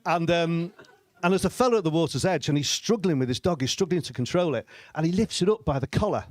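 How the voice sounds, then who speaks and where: Dry, self-deprecating comic. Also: male voice, a little high, animated, fast, a little mellow, dry recording. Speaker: stand-up comedian. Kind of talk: stand-up storytelling. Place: comedy club stage.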